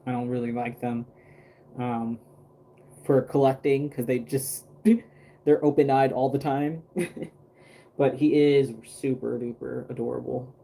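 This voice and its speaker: A man's voice: medium pitch, steady tone, a little slow, gravelly, pauses often, warm tone. A man chatting casually on a livestream while he paints a doll, rambling with lots of fillers and restarts.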